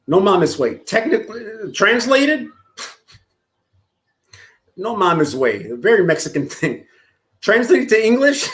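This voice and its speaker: A man from Los Angeles chats on a live stream, crude and joking as he reads messages aloud. His voice sits high. He talks at an unhurried, drawn-out pace. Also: very animated, fairly bright tone. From Los Angeles, California. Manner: crude, joking, often laughing. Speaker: streamer reading chat. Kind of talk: casual live-stream chat.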